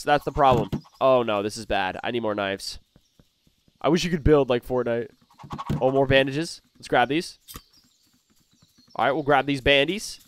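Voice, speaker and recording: A young man giving excited gameplay commentary as a gaming YouTuber, swinging between hushed muttering and loud outbursts. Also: mid-range voice, normal speed, pauses often, clear, resonant tone.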